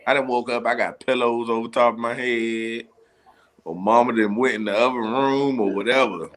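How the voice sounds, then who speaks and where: A man's voice: mid-range voice, steady tone, normal speed, fairly bright tone. A man chatting playfully and laughing easily. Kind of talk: casual chat.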